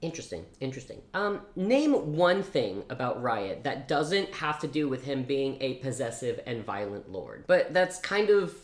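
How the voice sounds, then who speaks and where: A woman's voice: rumbling low, sing-song, normal speed, few pauses. Sarcastic woman reviewing a book. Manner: sarcastic, incredulous. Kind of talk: casual book review vlog. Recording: echoey room.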